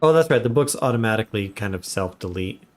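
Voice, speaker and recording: A man giving relaxed, chatty commentary while live streaming a game. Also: fairly low pitch, fast. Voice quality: relaxed, chatty, laughs often.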